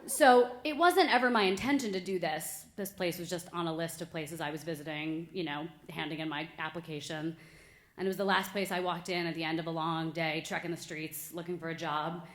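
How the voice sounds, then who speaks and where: A woman's voice: sits low, steady tone, brisk. Woman in her thirties, American, live storyteller, self-deprecating, roomy stage sound. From United States. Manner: self-deprecating, chatty with fillers. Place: stage before a live audience.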